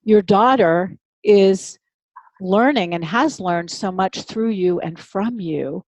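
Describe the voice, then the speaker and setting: A woman's voice: mid-range voice, slow pace, dry recording. A woman hosting a parenting podcast, affirming and encouraging toward her guest. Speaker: podcast host and parenting coach. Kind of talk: warm affirming interview conversation.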